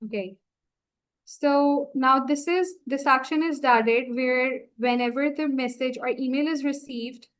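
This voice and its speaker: A woman walking viewers through a software setup on a screen-share tutorial, talking through each click as she goes. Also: sits high, poor audio. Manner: slow, explanatory, talks through each click. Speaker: software trainer.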